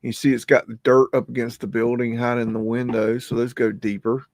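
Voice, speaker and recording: A man's voice: mid-range voice, little pitch movement, a little fast, a little mellow, dry recording. Rambling man, dry close mic. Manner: rambling, scolds his dog in a rough drawl. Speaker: host of a live stream. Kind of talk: casual live commentary over old photos.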